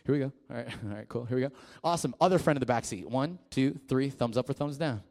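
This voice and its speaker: A man preaching to a youth group in a casual, conversational way, sometimes dropping to a hushed voice for a story. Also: mid-range voice, quick pace, slight background noise. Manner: casual and conversational, with fillers and restarts; drops to a quiet, hushed voice in the story. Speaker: youth pastor.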